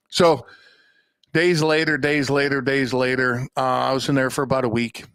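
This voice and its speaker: Speaking at a normal pace with fairly even intonation, this podcast host rambles through a personal story in a profane, self-deprecating, casual monologue. His mid-range voice is clear, resonant and a bit bright, captured on a podcast microphone with clean studio sound and no room tone.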